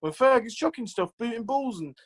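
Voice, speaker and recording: His voice is very high-pitched, animated, and brisk as this former pro footballer casually recounts stories during an interview. Expect plenty of "like," "you know," and quotes acted out, all on a rough recording.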